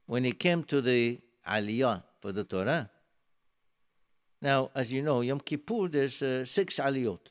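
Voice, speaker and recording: A man giving a sermon, telling a story emphatically and swinging between soft and loud, with many restarts. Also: mid-range voice, lively intonation, a little slow. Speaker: rabbi giving a talk.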